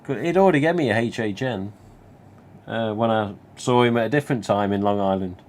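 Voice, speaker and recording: A man's voice: fairly low pitch, a little fast, a little mellow. A man with a Nottingham accent, hosting a livestream and telling a long, rambling personal story full of asides and mild swearing. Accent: Nottingham English. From England. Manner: chatty, rambling, many you-knows, mild swearing. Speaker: livestream host. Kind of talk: casual anecdote telling.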